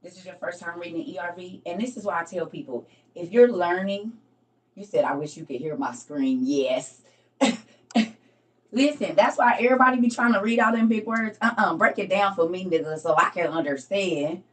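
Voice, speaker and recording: A woman's voice: lowish voice, normal speed, fairly bright tone. A middle-aged woman hosting a casual Bible study livestream, chatty and teasing, laughing often. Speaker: livestream host. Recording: voice from a distance from the mic.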